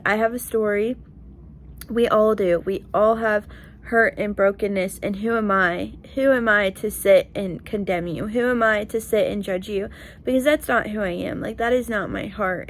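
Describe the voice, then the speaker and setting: A young woman vlogging in a heartfelt, casual way, earnest and emotional, with lots of "like" and "you know". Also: mid-range voice. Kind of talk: heartfelt casual vlog talk.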